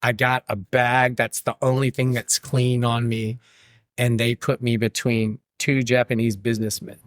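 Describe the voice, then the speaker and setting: A man, a podcast guest, tells a lively story in casual chat, laughing and acting out what others said. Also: medium pitch, moderate pace, no room sound, studio quality. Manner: animated, laughing, acts out quotes. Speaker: podcast guest, brewery owner.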